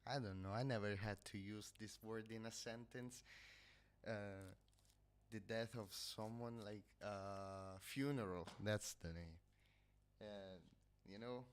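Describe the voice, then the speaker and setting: This is an Italian man chatting in Italian-accented English on a livestream, picked up by a headset with a little hiss or hum. His pitch is fairly low and his intonation fairly even; he takes it slowly, sounding nasal and hesitant as he often stops to find words.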